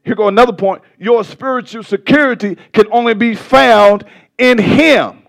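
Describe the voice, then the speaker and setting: Man, pastor, sermon, high-pitched, gravelly, impassioned, stumbling restarts. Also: moderate pace. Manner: impassioned preaching, swings from loud to soft.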